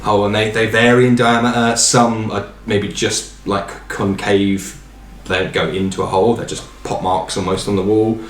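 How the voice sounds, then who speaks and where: Deep-voiced man narrating as dungeon master. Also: moderate pace, hardly any pauses, roomy sound. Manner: relaxed, rambling descriptions with fillers. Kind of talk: narrating a tabletop game.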